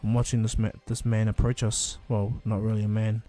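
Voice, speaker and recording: A man's voice: fairly low pitch, monotone, fairly quick, warm tone, pitched below the performer's own voice, close to an everyday voice. A man doing a bold, eager young ninja. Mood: confident.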